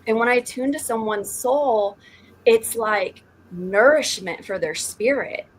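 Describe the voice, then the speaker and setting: A woman's voice: on the high side, a little slow, a little hiss or hum, low-quality recording. A woman panelist who works as an intuitive healer, speaking in a flowing, earnest way with spiritual phrasing. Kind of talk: reflective podcast discussion.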